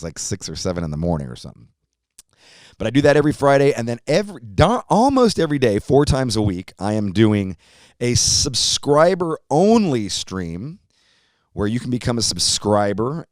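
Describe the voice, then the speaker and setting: A man with a low, resonant voice hosts a podcast in relaxed chat, rambling with cheerful profanity. The sound is dry and close, with no room around him. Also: clear, resonant tone, dry recording. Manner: loose, profane, rambling enthusiasm. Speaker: podcast host.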